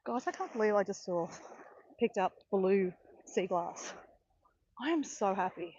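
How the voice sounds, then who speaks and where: A woman chatting excitedly to live viewers on a phone while walking outdoors on a beach. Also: mid-range voice, unhurried, husky, dry recording. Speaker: walking vlogger on a live stream. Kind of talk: casual chat to live viewers. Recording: dull lo-fi phone audio.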